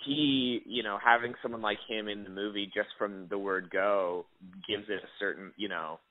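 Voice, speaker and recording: A man's voice: fairly low pitch, steady tone, normal speed. A young adult man, an actor, chatting in an interview, rambling with many restarts and fillers. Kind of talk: casual interview chat. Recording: dry, tinny phone line.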